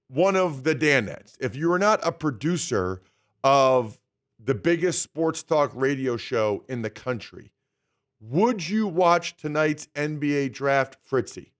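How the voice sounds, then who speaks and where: A man in his forties guest-hosting a sports talk radio show, telling stories with animation and asking each panelist in turn. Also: fairly high pitch. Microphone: studio microphone.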